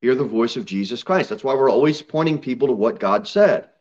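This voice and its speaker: A man's voice: expressive, a little fast. Emphatic preaching man, slightly muffled. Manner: emphatic preaching, reading scripture aloud, rising to loud high peaks. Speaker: pastor. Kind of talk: sermon. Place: church sanctuary. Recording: slightly dull church recording.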